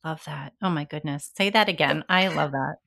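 A woman's voice: low-pitched, a little fast, vocal fry, fairly bright tone. A woman hosting a conversational interview, asking questions and encouraging her guest. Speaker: podcast host.

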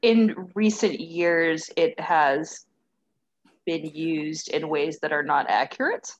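A woman co-hosting a podcast, chatting casually with wry, self-deprecating humor. Her voice sits a little low, and the recording is dull and lo-fi. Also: steady tone, slow. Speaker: podcast co-host. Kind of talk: casual chat. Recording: slightly dull lo-fi sound.

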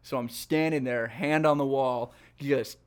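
A man's voice: mid-range voice, steady tone, measured pace, clean tone. A man in his twenties, from Minnesota, co-hosting a podcast and telling crude stories with swearing and laughter. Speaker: podcast co-host. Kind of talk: casual chat.

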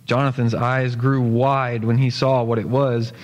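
Pastor telling a story in a reverberant church. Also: male voice, mid-range voice, highs cut off. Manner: steady storytelling, slowing for emphasis. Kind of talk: sermon, reading a story aloud. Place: church sanctuary. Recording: long church hall reverb.

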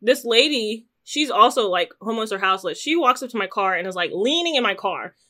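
A woman co-hosting a podcast tells a story casually and with animation, swearing freely and tossing in quick asides. When she quotes herself, she breaks into loud, high squeals.

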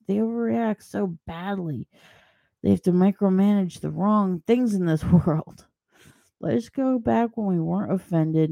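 A woman's voice: fairly low pitch, vocal fry, mellow, no room sound. A woman hosting a solo podcast, giving blunt, sarcastic opinions in a rambling way and mocking people with put-on voices. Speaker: podcast host.

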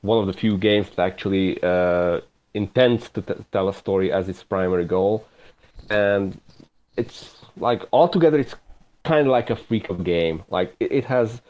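A man from Eastern Europe, a podcast guest, who speaks hesitantly and often pauses to search for words. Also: low-pitched, darkish tone. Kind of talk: casual podcast chat.

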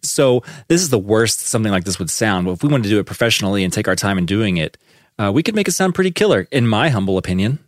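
A fast-talking man with a lowish voice and big swings in pitch chats casually about how tracks are assembled, on a podcast he co-hosts from his studio. He's enthusiastic and uses fillers, and the recording is dry.

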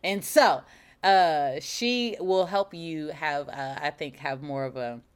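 A woman hosting her podcast in a casual chat, playful and animated, saying y'all. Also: sits low, slow, clear, resonant tone. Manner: animated, playful, says y'all, sings intros. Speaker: podcast host and founder.

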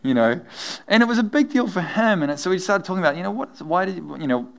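A man's voice: high voice, fast talker, creaky. A middle-aged man preaching a sermon, telling stories with humor and laughing often. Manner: animated, humorous storytelling with frequent laughs. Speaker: pastor.

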